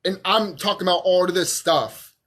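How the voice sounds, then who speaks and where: A man's voice: sits high, moderate pace, a bit bright. A drunk man, stuttering a little, delivering a profane, emphatic monologue to camera as a vlogger and repeating himself for force.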